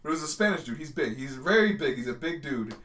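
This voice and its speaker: A man's voice: a little high, animated, sharp tone. A man co-hosting a podcast, rambling through stories in casual chat. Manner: rapid rambling storytelling. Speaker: podcast co-host.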